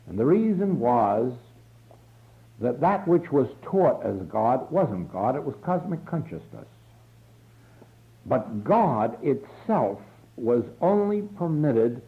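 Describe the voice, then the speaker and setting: A man giving a slow, earnest spiritual lecture in a church hall, from a 1950s archival tape recording. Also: medium pitch, phone-quality sound. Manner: slow, earnest, deliberate delivery. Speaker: spiritual teacher.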